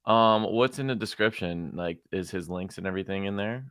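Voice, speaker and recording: Low-voiced man giving a relaxed, dry review. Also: brisk, clear, resonant tone, no room sound. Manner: relaxed, many fillers like "um" and "like". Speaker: show host reviewing submitted music. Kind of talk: casual live-stream chat.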